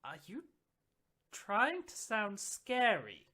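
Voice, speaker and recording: A game master voicing a cheeky young elf boy in a tabletop game, with high, drawn-out calls. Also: huge pitch swings, pushed and bright, slightly rough, exaggerated voice.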